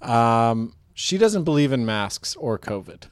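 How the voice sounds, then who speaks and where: A man's voice: mid-range voice, sing-song, slow, no room sound, clean studio sound. Giggly man riffing a crude comedy bit. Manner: laughs often, builds a crude running bit. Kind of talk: improvised comedy chat.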